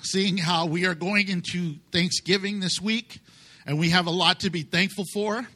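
A man's voice: sits high, fairly even intonation, normal speed, pushed and bright. A pastor preaching a conversational, emphatic sermon to his congregation, joking with them along the way.

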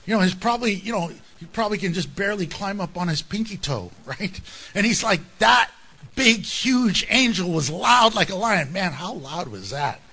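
A male pastor preaching with a high, bright voice that leaps up and down in pitch. He talks to the congregation in a conversational way, breaking into jokes and asides. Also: animated, normal speed, breathy edge. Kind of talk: sermon.

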